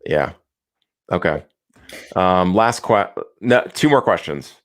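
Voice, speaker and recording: Low-voiced male host for a relaxed video call chat, jokey and easygoing. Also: slow. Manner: easygoing, joking, many ums. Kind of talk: casual live video chat.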